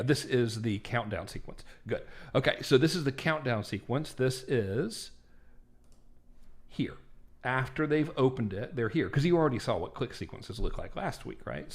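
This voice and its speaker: Male marketing instructor, casual screen-share walkthrough, chatty and self-deprecating. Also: mid-range voice.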